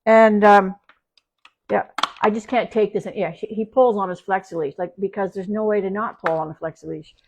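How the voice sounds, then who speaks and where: A woman's voice: medium pitch, steady tone, normal speed, a little mellow, slight background noise. A woman from Canada, a dog trainer, talking casually on a live stream at home, rambling with restarts and fillers. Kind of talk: casual livestream talk. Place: at home with her dog nearby.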